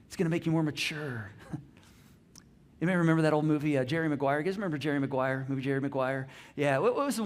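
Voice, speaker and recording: Man preaching in a fairly high voice. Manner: conversational, earnest preaching with frequent restarts. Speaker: pastor. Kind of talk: sermon. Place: church.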